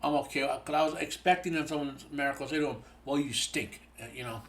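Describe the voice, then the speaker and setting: A man's voice: fairly high pitch, racing, slight background noise. A tired man hosting a show, giving a casual spoken episode review that rambles with many fillers and restarts. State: tired, yawning.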